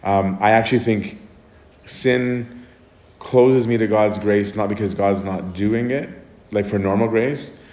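A priest answering questions in a casual, conversational way, often checking in with "right?". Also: male voice, fairly low pitch, a little slow, a little mellow. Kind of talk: casual Q&A talk. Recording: echoey room.

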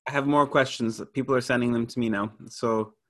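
A man's voice: medium pitch, fairly even intonation, brisk. A man hosting a casual discussion, informally asking questions about faith.

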